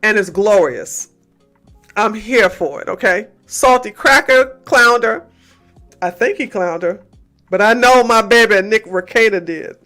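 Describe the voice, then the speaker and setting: A woman's voice: medium pitch, measured pace, faint music behind. A woman from the US, hosting a casual livestream and talking emphatically to her chat. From Georgia, USA. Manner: animated, emphatic, talks to chat, swings between loud outbursts and muttering. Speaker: livestream host.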